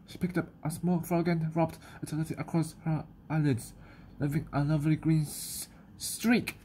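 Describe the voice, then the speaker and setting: A woman with a New Zealand accent reading a children's picture book aloud, slowly and carefully, with small stumbles. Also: low-pitched, fairly even intonation, dark tone, a little hiss or hum. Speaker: storyteller.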